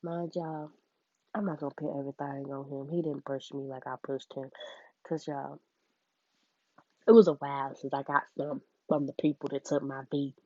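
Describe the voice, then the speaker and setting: Young woman vlogger, low raspy voice, blunt profane storyteller, dry dull home recording. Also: level tone, normal speed, a little mellow, dry recording. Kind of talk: casual storytime vlog. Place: her bedroom.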